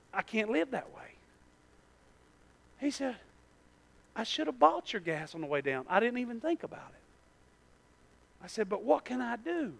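A man preaching a sermon, telling stories with animation and swinging from shouts to hushed tones, and speaking folksy and directly to the congregation. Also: very high-pitched, gravelly.

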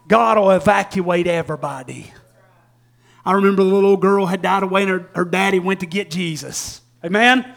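A man preaching a sermon, folksy and laughing often, swinging from shouts to hushed tones and acting out quotes. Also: high voice, creaky.

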